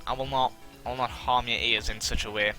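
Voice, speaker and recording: A man's voice: mid-range voice, brisk, soft background music. Rambling, self-mocking young gamer guy. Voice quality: somewhat monotone. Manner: rambling, self-deprecating, many fillers. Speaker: let's-play gamer. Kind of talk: casual gameplay commentary.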